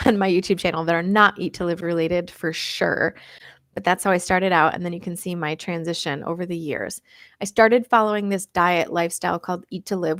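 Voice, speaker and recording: A woman's voice: medium pitch, no echo, studio quality. An American woman and diet coach hosting a casual live-stream Q&A, chatting with viewers, reading out their comments and laughing often.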